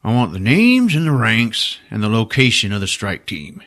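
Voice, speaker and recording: A man's voice: on the low side, moderate pace. A man doing a menacing swearing agent. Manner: flat threatening drawl, swearing. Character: cold menacing male government agent.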